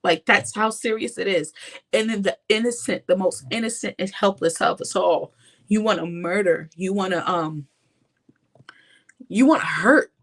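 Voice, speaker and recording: A woman's voice: mid-range voice, fairly even intonation, normal speed. A young woman vlogger giving an impassioned personal testimony, talking straight to her viewers. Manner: impassioned, addresses viewers directly.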